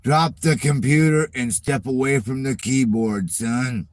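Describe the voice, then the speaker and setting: A man's voice: medium pitch, steady tone, unhurried. A middle-aged man hosting his channel, ranting in a casual, profane and mocking way at viewer comments. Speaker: channel host.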